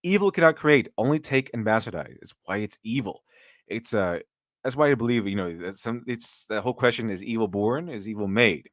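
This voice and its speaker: A man's voice: on the low side, animated, a little fast, dry recording, clean studio sound. Rambling sarcastic male stream host. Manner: rambling, with many restarts and fillers; sarcastic, mocking critics in put-on quotes. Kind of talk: casual live-stream commentary.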